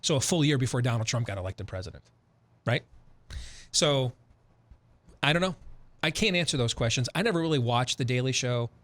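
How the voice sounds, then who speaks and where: Emphatic, animated male talk host. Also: medium pitch, brisk, pauses often. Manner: emphatic, animated storytelling with repetitions. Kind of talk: opinionated radio talk.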